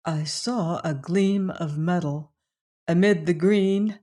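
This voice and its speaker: Slow steady audiobook reader, old-timey adventure story, middle pitch. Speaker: audiobook narrator. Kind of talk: audiobook reading of a classic novel.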